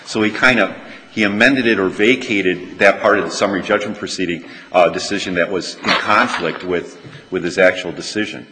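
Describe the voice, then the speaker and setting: A man arguing as an attorney before the court, measured and hesitant. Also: deep voice, sharp tone. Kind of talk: courtroom oral argument. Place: large courtroom. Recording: reverberant courtroom with faint noise.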